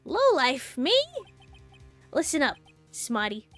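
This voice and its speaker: Woman putting on a hotheaded male thug, gruff, menacing, rough street talk, game reading. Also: high voice, sing-song, slow pace, fairly bright tone, faint music behind, full character voice. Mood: threatening.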